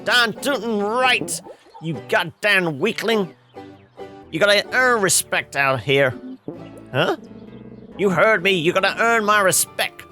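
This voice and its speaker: A man reading a game's lines as a belligerent hillbilly man with a loud put-on country drawl. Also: sits high, animated, slow, long pauses, faint music behind, pitched above the performer's own voice, heavily acted. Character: gruff adult man, pickup-truck hillbilly, hostile.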